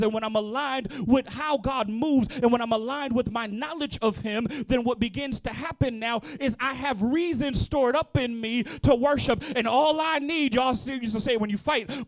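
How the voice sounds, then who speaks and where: A male pastor with a high voice preaches with rising passion. He moves from calm, even teaching into shouted and half-sung exhortation, repeating key lines. The sound is close and dry, with almost no room echo. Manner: sings out some phrases, repeats lines for emphasis. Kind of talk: sermon.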